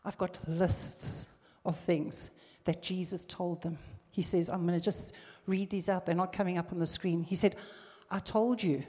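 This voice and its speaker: A woman's voice: on the low side, dark tone, long reverb tail. A woman preaching a sermon, reading scripture and building to emphatic, fervent exhortation.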